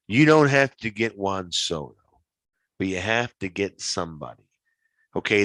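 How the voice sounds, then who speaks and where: A man co-hosting a podcast in casual chat, animated and swearing freely. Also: fairly low pitch, dry recording, rough recording. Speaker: podcast co-host.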